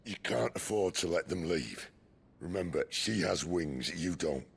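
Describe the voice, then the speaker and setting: A gravelly, wry wounded rebel. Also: male voice, sits low, animated, measured pace, heavily acted. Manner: dry, sardonic. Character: wounded, weary male rebel leader, wry. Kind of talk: game cutscene voice acting.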